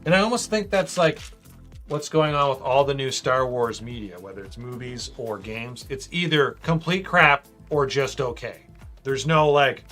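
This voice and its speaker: Bright-voiced casual man live-streaming. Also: mid-range voice, normal speed. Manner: chatty, reads out viewer comments, says "man" a lot. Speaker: livestream host building a brick model. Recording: faint music behind.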